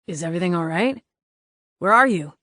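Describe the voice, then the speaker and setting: A woman narrating an audiobook, voicing a kind adult boyfriend who speaks calmly with concern. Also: fairly low pitch, brisk, no room sound.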